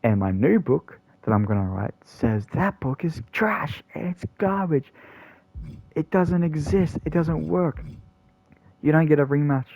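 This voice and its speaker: A man putting on a gloating champ, high and mocking. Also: expressive, measured pace, gravelly, a little mellow, dry recording, muffled recording, heavily acted. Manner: mocking, dismissive. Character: cocky male wrestling champion, taunting.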